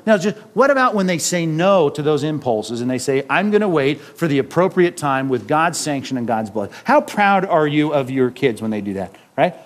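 The preacher is a man whose voice sits notably high, and his sermon has a loose, chatty feel. Along the way he chuckles softly and fires off quick rhetorical questions to keep the congregation with him.

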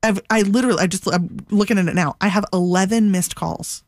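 A woman's voice: medium pitch, fast, no room sound, studio quality. A woman co-hosting a podcast, telling a story in casual chat, filling it with "like" and acting out what people said. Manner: animated, lots of "like", acts out quotes. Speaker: podcast co-host.

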